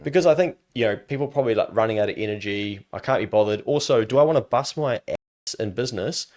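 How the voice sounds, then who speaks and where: A man's voice: medium pitch, fast. A man with a New Zealand accent, talking casually as a guest on a podcast and acting out other people's voices in his stories. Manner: animated storyteller who acts out quoted voices. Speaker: business adviser guest.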